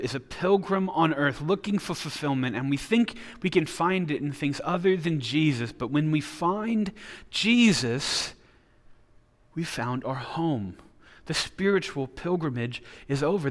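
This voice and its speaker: An earnest male pastor preaches a sermon in a voice a little high for a man, stumbling and restarting phrases often as he works through an idea. A long hall reverb surrounds the sound.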